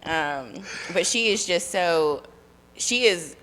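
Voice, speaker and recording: A woman's voice: low voice, normal speed, fairly bright tone. A woman in her thirties in casual conversation, telling rambling stories with lots of fillers and laughter. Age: 30s. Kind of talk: casual chat.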